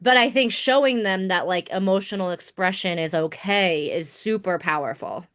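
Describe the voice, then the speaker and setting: A woman's voice: on the low side, moderate pace, fairly bright tone. A woman hosting a podcast interview in a casual, chatty way, laughing often and filling her talk with many filler words. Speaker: podcast host.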